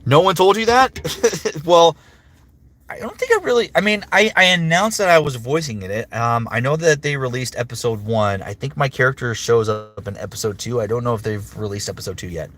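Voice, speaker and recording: A man's voice: mid-range voice, lively intonation, a bit bright. A man who works as a voice actor, chatting casually on a livestream and answering viewer comments with upbeat energy. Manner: chatty and upbeat, with frequent fillers and quick impressions. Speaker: voice actor streamer.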